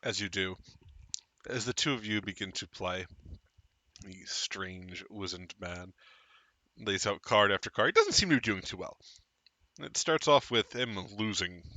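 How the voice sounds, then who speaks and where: A man's voice: on the low side, expressive, a little slow, long pauses, sharp tone, no echo. A man narrating a tabletop game as game master, describing scenes vividly.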